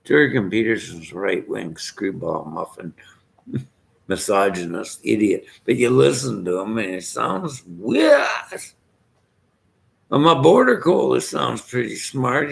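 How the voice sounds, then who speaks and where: Older Irish bloke, very gravelly, abrasive rambling vlog rant. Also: male voice, on the low side. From Ireland. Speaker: vlogger.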